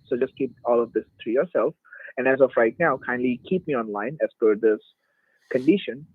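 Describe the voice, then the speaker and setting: A man's voice: medium pitch, moderate pace, breathy edge, dry recording. A man on a phone call, coaxing and giving step-by-step instructions as a bank agent. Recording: dull phone line.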